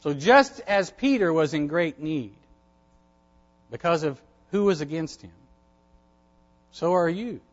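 A male pastor delivers a sermon in a high voice, stressing his points by repeating key phrases. The recording is dull and lo-fi, with the top end rolled off. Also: animated, slow, long pauses.

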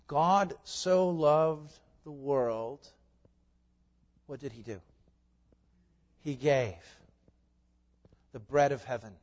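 A man with a high voice preaches in a church, chatty and direct, putting questions to his listeners and moving from loud emphasis to quiet asides. His words ring out with a long reverb, and the recording sounds dull and lo-fi. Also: takes it slowly, pauses often. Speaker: pastor. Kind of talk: sermon.

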